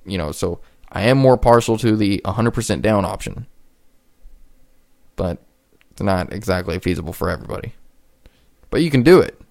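A man's voice: on the low side, animated, normal speed, creaky, pauses often, darkish tone. A man in his twenties hosting a solo podcast, talking casually and rambling with frequent restarts. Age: 20s. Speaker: podcast host.

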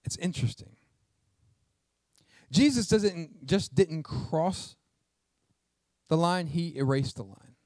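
A man's voice: fairly high pitch, expressive, slow, pauses often, a little mellow, no room sound, studio quality. A male pastor preaching a sermon, emphatic and asking the congregation questions.

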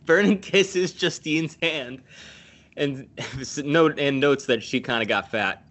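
A man's voice: a little high, slow pace, a bit bright. A man casually recapping a movie scene by scene, swearing freely and laughing at his own jokes. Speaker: podcast host recapping a film.

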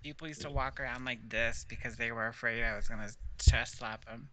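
A man co-hosting a casual chat, talking in a dry, laid-back way with deadpan jokes. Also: medium pitch, a little fast, noisy background.

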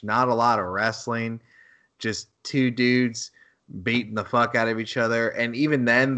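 A man's voice: mid-range voice, a bit bright. Rambling, swearing male podcast co-host. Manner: rambling, profane, laughs at own quotes. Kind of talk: casual podcast chat.

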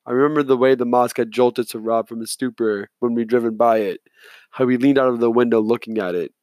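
A man reading a novel aloud in measured, subdued first-person narration. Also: medium pitch, fairly even intonation, darkish tone, no room sound. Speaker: audiobook narrator.

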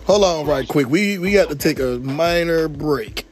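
A man's voice: a little high, lively intonation, measured pace. A man co-hosting a podcast, talking in loose, slangy banter and laughing often. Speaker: podcast co-host. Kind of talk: casual podcast chat.

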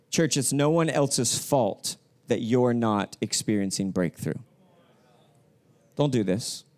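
A man's voice: mid-range voice, slow pace, a little mellow. A young male pastor preaching a sermon in a church sanctuary. He talks casually and with slang, and prompts the congregation to repeat phrases back to him.

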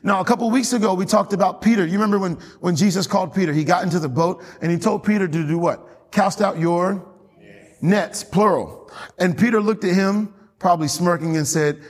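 A man's voice: high-pitched, brisk. A man preaching a sermon as pastor, often asking the congregation questions and waiting for their response. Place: church hall. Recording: long hall reverb.

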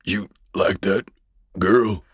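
A dying colonel taunts through a husky rasp, as a man reads him out. The voice sits a little higher than the narrator's own deep tone. The sound is close and dry. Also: fairly even intonation, very slow, dry recording, full character voice. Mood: taunting. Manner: taunting, rasping. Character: dying, mocking male military colonel.

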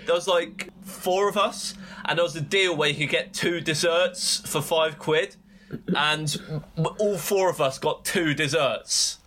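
Young man, British accent, podcast co-host, bright voice, rambling, sweary. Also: on the high side, unhurried, slight background noise. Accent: British English. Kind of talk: casual chat.

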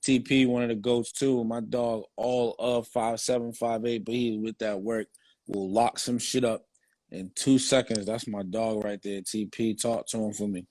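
A man's voice: lowish voice, fairly even intonation, normal speed, a little mellow, dry recording. A young man, a former football player, telling his story in casual, slang-heavy, profane talk.

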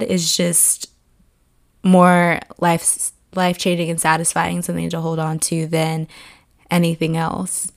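Slightly hoarse woman, earnest podcaster. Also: fairly low pitch, monotone, unhurried. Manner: earnest, rambling, many "like" fillers. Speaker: podcast host. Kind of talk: casual faith podcast reflection.

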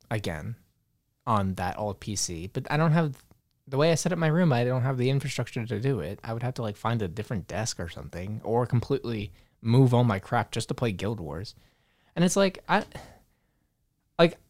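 A man's voice: on the low side, dry recording. A young man co-hosting a casual chat, rambling and swearing with lots of fillers. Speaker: podcast co-host.

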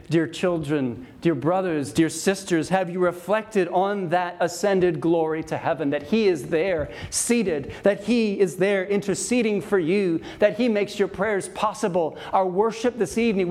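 Man, pastor, sermon, earnest, emphatic repetition, slightly high pitch. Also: measured pace, darkish tone. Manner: earnest preaching with repeated emphatic phrases.

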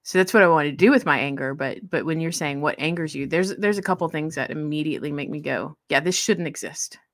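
A woman's voice: sits low, quick pace, no room sound, clean studio sound. A woman co-hosting a casual faith podcast, talking earnestly and bursting into laughter. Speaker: co-host.

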